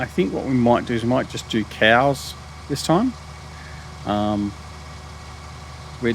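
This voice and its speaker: Gravelly and lowish, this middle-aged Australian gaming host talks loosely through a farming game. He restarts often, says um a lot and mocks himself, and the recording carries a slight hiss or hum.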